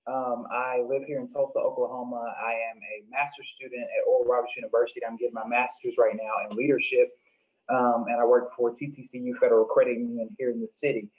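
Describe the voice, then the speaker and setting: A man's voice: mid-range voice, flat delivery, fast. A young man from Mississippi, a panel guest, introducing himself in an earnest, motivational way. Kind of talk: casual self-introduction. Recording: phone-like call audio.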